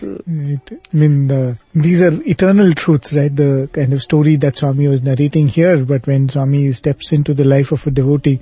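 A man with a mellow, husky voice reflects calmly as the host of a talk show. The sound is dry and dull, like a lo-fi recording. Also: on the high side, moderate pace, few pauses, dry recording.

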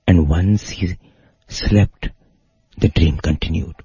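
A man's voice: deep voice, slow, mellow, breathy edge, dry recording, soft background music. A man narrating a devotional story in an earnest manner, heard through a dull, lo-fi recording. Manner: earnest, rising to emotional intensity in retold pleas.

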